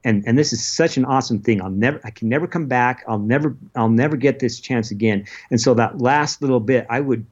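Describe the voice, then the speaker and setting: A man telling the story of his expedition in an interview, earnest and halting, with many restarts. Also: medium pitch, husky, lo-fi sound. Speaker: interview guest, polar adventurer. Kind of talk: casual recounting of an expedition.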